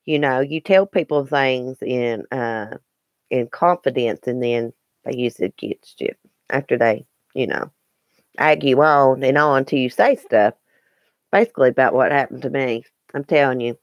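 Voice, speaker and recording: Chatty and earnest, this YouTube live-stream host talks casually with her viewers and replies to their comments, often saying um and restarting sentences. She has an extremely low-pitched voice at a moderate pace. The recording has no room sound and is studio quality.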